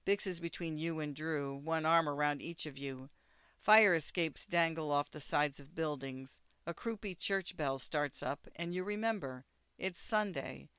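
A man narrating an audiobook in a steady, second-person storytelling way. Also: on the high side, measured pace, clean tone, dry recording.

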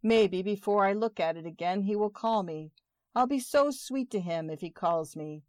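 A woman's voice: medium pitch, moderate pace. A woman giving a dramatic reading of a monologue in an anxious, pleading, intensely emotional voice.

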